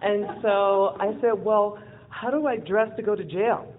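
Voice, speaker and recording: A woman's voice: medium pitch, measured pace. Woman telling a story over a tinny line. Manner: lively, acts out quoted dialogue, laughs often. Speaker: speaker telling a personal story. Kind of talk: personal storytelling with a closing lesson. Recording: phone-like narrow sound with faint noise.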